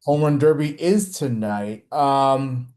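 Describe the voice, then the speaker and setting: A man's voice: medium pitch, slow, a little mellow. A man hosting a casual sports podcast, rambling and hesitant with many restarts. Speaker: podcast host.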